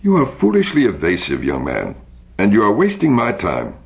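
A refined, secretive dandy, put on by a male reader with clipped, exact phrasing, pitched a little above the reader's usual deep tone. The delivery is insistent and rises and falls a lot. It comes through a dull, lo-fi recording. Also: huge pitch swings, moderate pace, vocal fry, full character voice. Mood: urgent.

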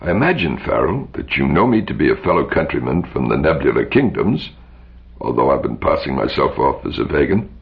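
A man's voice: a bass voice, big pitch swings, a little fast, creaky, full character voice. A man reading aloud, voicing a cool, refined male dandy who speaks in a precise, insistent way. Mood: urgent. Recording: dull lo-fi recording.

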